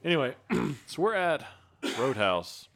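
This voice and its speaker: A man telling funny stories in relaxed, casual conversation. He keeps his voice lively and bright, rising and falling a lot, and keeps laughing as he goes. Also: medium pitch, a little slow. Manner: animated storyteller, laughs through his stories. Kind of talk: casual chat.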